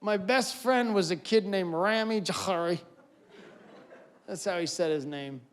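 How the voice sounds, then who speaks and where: Male stand-up comedian with a high voice, lively and loud on the punchlines, live on a stage mic. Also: a little slow. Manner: animated, shouts punchlines, mimics characters.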